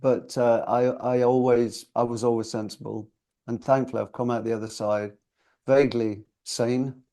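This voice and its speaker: A man's voice: mid-range voice, flat delivery, normal speed, mellow. A man in his sixties from the UK, a singer guest telling stories in a chatty, reflective and self-deprecating way. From United Kingdom. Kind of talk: casual interview storytelling.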